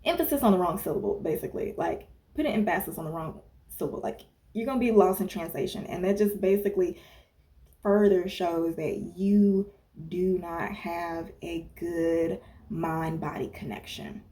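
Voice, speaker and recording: A woman's voice: lowish voice, moderate pace, mellow. A woman wellness coach and former personal trainer giving casual fitness advice in a chatty way, often checking in with "okay?" and wandering off on asides. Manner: chatty, tags points with "okay?", digresses and laughs at herself. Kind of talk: casual talking-head advice monologue.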